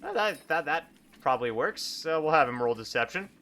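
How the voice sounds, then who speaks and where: A man's voice: a little high, sing-song, brisk, pushed and bright. Chatty man running a solo tabletop game. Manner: chatty, self-amused, thinking aloud. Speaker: solo game master and player. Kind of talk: casual streamed narration of a tabletop game.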